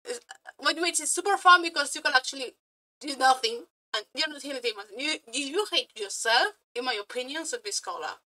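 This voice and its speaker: Bright, high-pitched excitable woman. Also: brisk. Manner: excitable, swears a lot, laughs often, non-native phrasing. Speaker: streamer reacting to a video. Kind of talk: casual reaction commentary.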